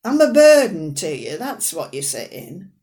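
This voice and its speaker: A woman performing a dramatic monologue as a fussy, proud, sharp-tongued elderly northern mother with a dry, plain-spoken manner. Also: fairly low pitch, huge pitch swings, unhurried. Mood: wry.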